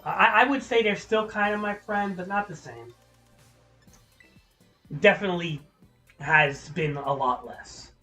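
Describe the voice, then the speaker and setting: A man's voice: sits high, a little slow, long pauses, bright, forceful tone, soft background music, poor audio. A man livestreaming and ranting to his chat, profane, heated and opinionated, rambling with restarts. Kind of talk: live-stream ranting to chat.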